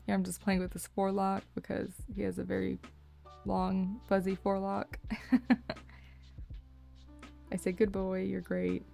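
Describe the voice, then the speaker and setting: A young woman narrating her horse vlog as a voice-over, cheerful and quick to laugh. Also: medium pitch, monotone, gravelly, warm tone, faint music behind. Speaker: horse owner, vlogger.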